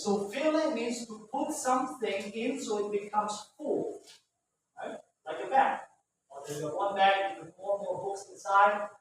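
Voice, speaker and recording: A man's voice: sits high, moderate pace, a bit bright. A man teaching English vocabulary to a class, patiently explaining words and often checking in with "right?". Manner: patient, repetitive, ends phrases with "right?". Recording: very echoey room, far from mic, faint noise.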